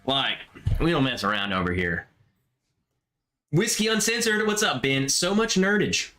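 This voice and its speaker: A man's voice: on the high side, sing-song, a little slow, pushed and bright, soft background music. A man hosting a casual livestream chat, joking, reading comments aloud and talking over his co-host.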